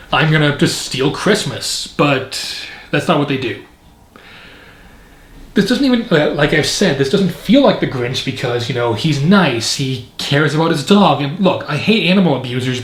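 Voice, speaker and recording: Man, casual film review, rambling and opinionated, somewhat high voice, echoey room. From Canada. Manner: rambling, opinionated, with frequent fillers. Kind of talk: casual video review commentary.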